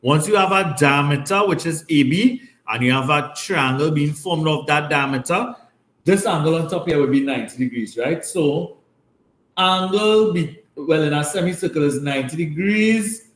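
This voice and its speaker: A slightly high-voiced man runs a maths lesson in a classroom. He walks through each step and keeps checking that the students follow. The room gives his voice a roomy echo. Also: lively intonation, moderate pace, fairly bright tone. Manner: explains step by step, often checks with "right?". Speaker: maths teacher.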